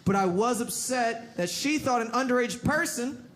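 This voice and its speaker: A young man performing stand-up comedy in a club, telling an animated story and acting out characters. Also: extremely high pitch, normal speed. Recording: live club with loud crowd laughter and noise.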